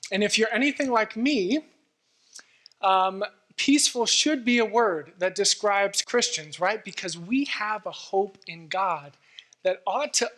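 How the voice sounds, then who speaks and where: A man's voice: high voice, a bit bright. A man giving a sermon as guest preacher in a church, earnest and conversational, with frequent fillers.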